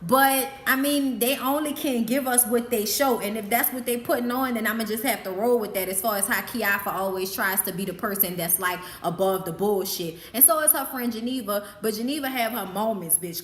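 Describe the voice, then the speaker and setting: A woman's voice: on the high side, fairly bright tone. Blunt New Orleans woman in a roomy space. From New Orleans, USA. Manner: frank, blunt and profane, laughs often. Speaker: vlogger hosting a live Q&A. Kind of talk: casual chat. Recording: roomy echo.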